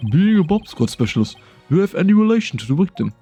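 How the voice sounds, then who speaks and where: A man streaming a game, reading a flustered, excitable elderly male judge. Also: high voice, fast, husky, faint music behind, heavily acted. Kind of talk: casual game dialogue reading.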